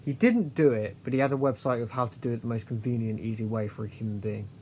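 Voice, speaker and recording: Man, vlogger, talks in halting restarts, confessional, mid pitch, faint low rumble behind. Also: dark tone. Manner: halting, with many restarts and trailing pauses; earnest and confessional. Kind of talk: candid personal storytelling.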